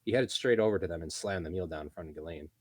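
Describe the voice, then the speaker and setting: A man reading a light novel aloud as narrator, steady, with small slips and self-corrections. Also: low-pitched, fast talker, breathy edge, dry recording.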